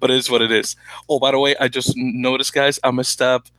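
A man's voice: medium pitch, little pitch movement, fast, a bit bright, no echo. A young man from the Dominican Republic hosting a casual sports podcast, rambling and correcting himself with frequent laughs. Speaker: podcast host.

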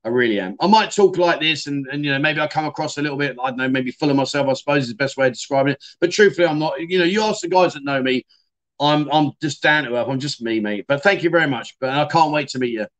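Middle-aged man, livestream host, slightly high-pitched, casual and chatty with viewers. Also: quick pace. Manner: chatty, self-deprecating, calls viewers mate. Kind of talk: casual livestream chat reading comments.

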